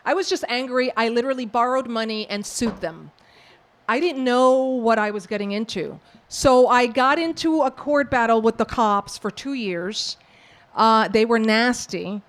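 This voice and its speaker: A woman from the Bronx, an author and professor, answering audience questions with lively, acted-out storytelling. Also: a little high, normal speed. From New York, the Bronx. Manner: animated storyteller who acts out quoted exchanges. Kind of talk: book talk Q&A, storytelling.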